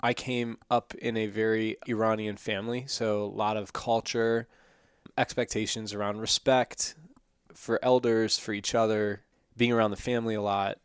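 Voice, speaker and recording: A man who grew up in Iran, a podcast guest talking about parenting in an excitable, animated way. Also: on the low side, normal speed, smooth, dry recording, studio quality. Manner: excitable, animated, laughs often. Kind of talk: casual interview chat.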